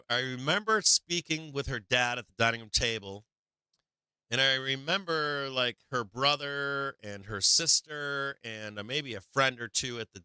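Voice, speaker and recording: A man with a very bright, smooth and crisp voice, telling a story on a live stream. He rambles, repeats himself and swears freely. The sound is dry and close. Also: medium pitch, no room sound, poor audio. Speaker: host of a live stock market show.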